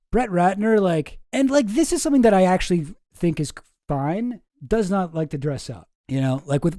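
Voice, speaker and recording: Sarcastic man with a dark voice. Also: fairly high pitch, no echo, studio quality. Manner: sarcastic, deadpan asides. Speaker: host. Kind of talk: commentary reacting to clips.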